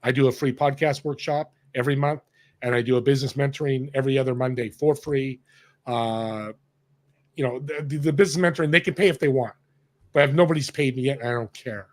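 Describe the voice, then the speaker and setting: A man guest on a podcast, telling stories in an animated, emphatic way and acting out the dialogue. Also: mid-range voice, brisk. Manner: animated, emphatic storyteller who acts out dialogue. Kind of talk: storytelling in conversation.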